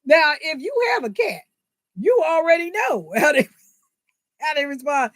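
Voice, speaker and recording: A woman hosts her own vlog, talking to viewers in a loose, indignant monologue. Her voice sits on the high side and she laughs as she talks, tossing out rhetorical questions. The sound is close and dry, with no room echo. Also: unhurried. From United States. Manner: animated, indignant, laughs mid-sentence, asks rhetorical "right?". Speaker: vlogger, channel host. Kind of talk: casual opinion monologue to viewers.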